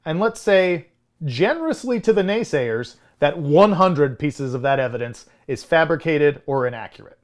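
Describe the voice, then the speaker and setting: Man in his thirties, podcast co-host, slightly higher voice, loose rambling delivery full of restarts. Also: lively intonation, normal speed. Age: 30s. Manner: rambling, frequent restarts, chuckling. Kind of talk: casual chat.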